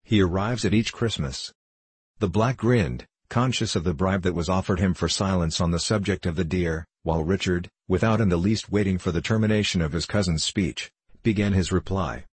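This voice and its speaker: A male narrator reading a classic novel aloud in a measured, even way. His voice is low and husky, and the recording is dry and close with no room sound. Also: no echo. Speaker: audiobook narrator.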